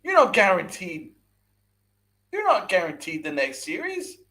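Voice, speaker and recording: Fired-up ranting man, high lively voice. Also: a little slow. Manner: ranting, repeats himself, swears, asks rhetorical questions. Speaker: podcast host. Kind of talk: angry sports rant with live chat.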